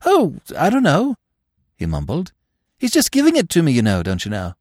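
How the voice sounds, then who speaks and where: A man's voice: fairly high pitch, wildly swooping pitch, moderate pace, a little mellow, no echo, studio quality, voice pushed up. A man voicing a silly, lovestruck young aristocratic man who chatters in a bumbling, chirpy upper-class way. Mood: chirpy, eager.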